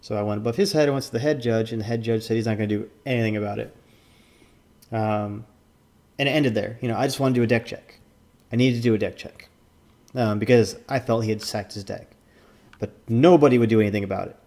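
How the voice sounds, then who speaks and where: Low, gravelly man rambling. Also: quick pace, a little mellow. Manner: rambling, with many fillers and restarts. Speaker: former tournament judge. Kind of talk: casual commentary.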